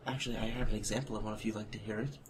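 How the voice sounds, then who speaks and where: A man playing a comedy guest on a podcast, speaking in a quiet, deadpan, matter-of-fact way. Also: on the low side, racing, a crowd in the background.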